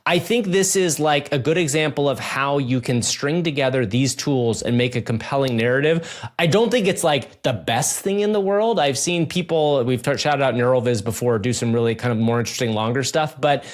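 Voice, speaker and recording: A man co-hosts a podcast, chatty and enthusiastic, with plenty of loose fillers. His pitch sits in the middle range for a man. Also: moderate pace. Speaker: podcast co-host. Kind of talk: casual chat.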